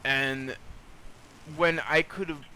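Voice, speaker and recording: A man's voice: fairly high pitch, steady tone, slow pace, sharp tone, a little hiss or hum, rough recording. A young man hosting a podcast, rambling loosely through news in a casual, joking chat. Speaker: podcast host.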